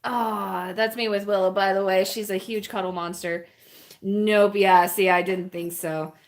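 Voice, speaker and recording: A woman's voice: medium pitch, flat delivery, unhurried. A woman chatting casually with her live-stream viewers while she paints, rambling and often laughing and cooing at puppies, indoors at a home.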